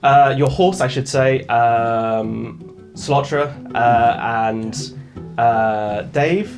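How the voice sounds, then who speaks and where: A man's voice: medium pitch, soft background music. A man narrating as game master of a tabletop role-playing game, describing scenes and voicing characters. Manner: unhurried descriptive narration, drops into character voices.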